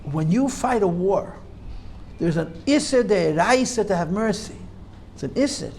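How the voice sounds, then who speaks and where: Male rabbi lecturing a class; high, animated delivery, emphatic and insistent with students. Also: measured pace, vocal fry, slight background noise. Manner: emphatic, argues back and forth with students; repeats key points for emphasis.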